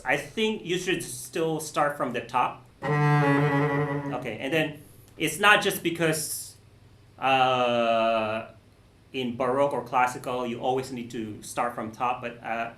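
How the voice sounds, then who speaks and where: A man teaching a cello masterclass, explaining bowing and phrasing patiently, with many pauses, restarts and "okay"s. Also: mid-range voice, bright, forceful tone. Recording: roomy echo.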